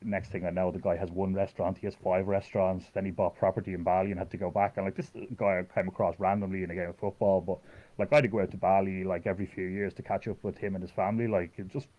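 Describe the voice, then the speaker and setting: An Irish man telling stories in a relaxed podcast chat, rambling with lots of "like". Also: low-pitched, fast talker. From Ireland. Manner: rambling, heavy use of "like". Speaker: podcast guest. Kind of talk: casual storytelling chat. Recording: dull lo-fi podcast audio.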